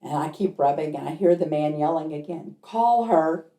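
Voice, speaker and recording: A woman's voice: low voice, steady tone, fairly quick, warm tone. A woman who works as a medium tells a personal story in a chatty way and acts out the people in it. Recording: roomy echo.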